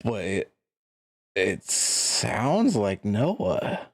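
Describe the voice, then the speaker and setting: A man narrating as game master, halting and relaxed. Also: fairly low pitch, no echo, studio quality.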